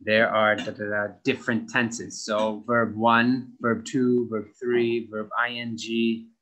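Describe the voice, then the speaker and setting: A man teaching an English lesson to young students, explaining slowly and carefully and repeating instructions. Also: on the low side, little pitch movement, fairly bright tone. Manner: slow, careful explaining to children. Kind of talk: recorded online lesson.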